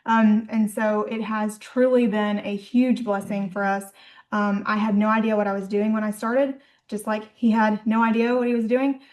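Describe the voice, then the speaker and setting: Flat-voiced woman hosting a business call. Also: medium pitch. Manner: halting, many ums and restarts. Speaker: host of a business info call.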